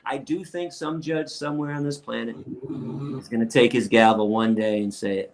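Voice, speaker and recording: This activist lecturer, appearing as a guest in a relaxed interview, speaks at a moderate pace in a mid-range voice with fairly even intonation. Telling his stories, he turns emphatic and defiant, stacking repeated words as his temper rises.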